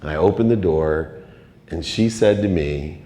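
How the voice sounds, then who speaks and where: A middle-aged man with a very low voice tells a motivational story from a conference stage. He sounds confessional and emotional, and his loudness swings sharply. The recording is roomy, with a long reverb tail from a large hall. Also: unhurried, a little hiss or hum. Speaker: keynote speaker.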